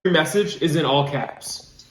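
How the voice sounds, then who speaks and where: A man's voice: a little high, a little slow. A young man hosting a casual chat among friends, telling stories in a playful way. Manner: laughing, playful storytelling. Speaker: host. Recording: echoey room.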